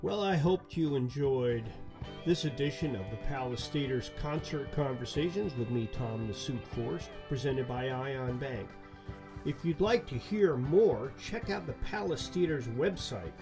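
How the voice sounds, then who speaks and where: A man's voice: medium pitch, animated, unhurried, over music. A man hosting an interview show, friendly and encouraging, closing out with a sign-off. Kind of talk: radio-style interview hosting.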